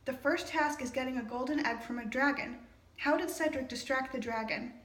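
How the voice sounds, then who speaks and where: A woman's voice: high-pitched, brisk, a bit bright. A woman reading aloud as an eager teenage boy wizard, in a light, slightly raised voice. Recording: roomy echo.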